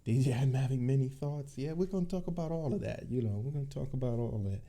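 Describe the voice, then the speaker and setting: A man from Cleveland hosting a casual livestream for his tech channel, chatty and laid-back with a deep, bassy voice and frequent laughs. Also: fast, dark tone. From Cleveland, Ohio. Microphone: desk microphone.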